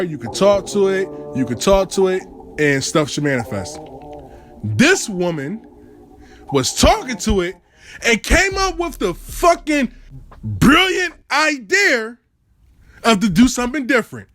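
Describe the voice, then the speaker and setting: Animated, profane male storyteller over music. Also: high-pitched, measured pace. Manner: animated, swearing, repetitive for emphasis. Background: background music.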